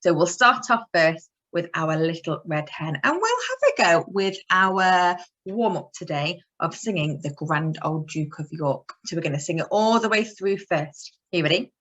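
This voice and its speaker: A woman leading an online lesson for young children. Her voice is bright and lively, with pitch that rises and falls. She talks in an encouraging, sing-song way. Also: normal speed, hardly any pauses. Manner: animated, sing-song, encouraging teacher talk. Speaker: early years teacher.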